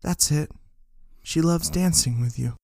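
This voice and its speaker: A man voicing a young groom who speaks in a soft, soothing, coaxing way to a nervous friend. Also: medium pitch, expressive, normal speed, no echo, studio quality, pitched above the performer's own voice, lightly acted. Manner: hushed, coaxing, gentle.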